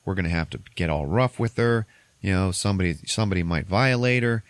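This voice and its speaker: A man's voice: low-pitched, animated, fast, clear, resonant tone, no echo. A man voicing a laid-back cruel thug. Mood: menacing. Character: menacing male thug, casual and cruel.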